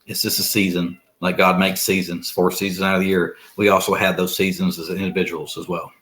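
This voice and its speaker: A man's voice: low voice, flat delivery, brisk, fairly bright tone. A middle-aged man talking earnestly as a podcast guest, rambling and restarting his sentences. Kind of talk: casual conversation.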